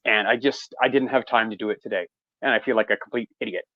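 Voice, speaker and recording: A man's voice: fairly low pitch, fairly even intonation, fast talker, no room sound, dull audio. A man from Canada chatting casually as a guest on a live beer stream, hesitant and apologetic with many restarts. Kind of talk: casual chat.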